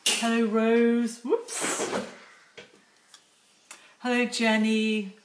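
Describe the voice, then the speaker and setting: Lady artist going live on her phone, slow easy pace, teasing her viewers by name. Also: mid-range voice, noisy background. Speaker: artist hosting a live stream. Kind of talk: casual live-stream chat greeting viewers. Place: outdoors near lambs.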